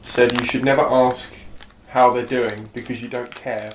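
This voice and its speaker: A man of middle pitch hosts a casual podcast chat, talking quickly with plenty of fillers. His voice has a roomy echo around it. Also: level tone, a little hiss or hum. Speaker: podcast host and comedian.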